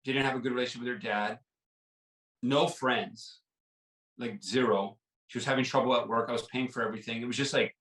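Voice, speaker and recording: A man speaks with earnest, halting sincerity, circling back over his words and leaning on "like" and "right?". His voice sits at an ordinary middle pitch. He is a little distant from the mic in an echoey room. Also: fairly even intonation, fairly bright tone. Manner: earnest, repeats words, many "like" and "right?" fillers. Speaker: podcast guest. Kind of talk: personal storytelling in an interview.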